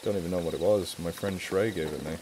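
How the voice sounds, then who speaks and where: A man's voice: low voice, fast talker, background noise. A young English man chatting casually on a charity live stream, rambling and self-mocking. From England.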